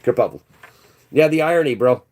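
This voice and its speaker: A man's voice: medium pitch, animated, fairly quick, a little mellow, a little hiss or hum. A man hosting a livestream, rambling through conspiratorial commentary and calling his viewers "bro". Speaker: channel host. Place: indoors.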